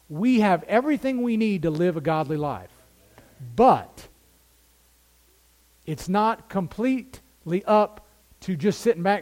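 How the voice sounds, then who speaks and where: A man with a high voice preaching to his congregation. He teaches step by step and keeps asking his listeners questions. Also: a little mellow. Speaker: pastor. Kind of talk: sermon.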